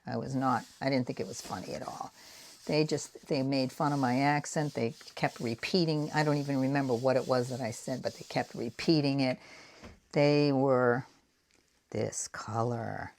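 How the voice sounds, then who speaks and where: Low gravelly woman in her sixties. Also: steady tone, normal speed, darkish tone, slight background noise. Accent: Boston. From Boston area. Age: 60s. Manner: rambling, self-deprecating, talks while painting. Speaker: art vlogger. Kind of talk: casual craft chat while working.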